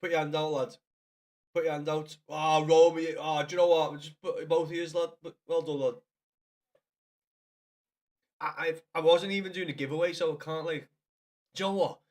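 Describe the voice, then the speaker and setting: A man's voice: a little high, flat delivery, moderate pace, long pauses, a little mellow. A man chatting casually to viewers on a live game stream, swearing freely and calling everyone lad.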